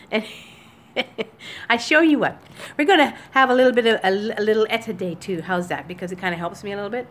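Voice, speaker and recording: A woman talking to her viewers in a casual daily vlog from home, emotional and teary, speaking haltingly with many restarts into a computer webcam. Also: mid-range voice, fairly bright tone. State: upset and teary. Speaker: vlogger. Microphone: computer webcam recording.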